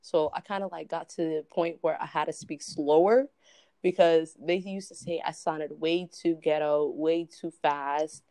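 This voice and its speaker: Lively young woman telling stories. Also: low-pitched, measured pace, no room sound. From Ohio, United States. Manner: storytelling, lively, swearing, laughs. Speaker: podcast guest. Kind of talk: casual chat.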